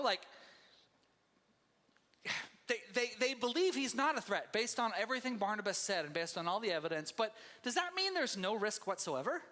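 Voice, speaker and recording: A male pastor preaching a sermon with a high, bright, forceful voice that rings through a reverberant church hall. He talks to the congregation like friends, swinging between intense, loud bursts and hushed, intimate asides. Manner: conversational, addresses congregation as "you guys". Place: church sanctuary.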